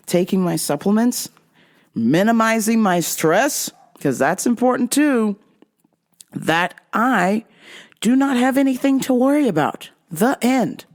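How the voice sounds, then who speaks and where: A woman host talking casually and bluntly to her audience, swearing freely and laughing at a caller. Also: medium pitch. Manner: slow, animated delivery. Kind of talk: casual vlog monologue.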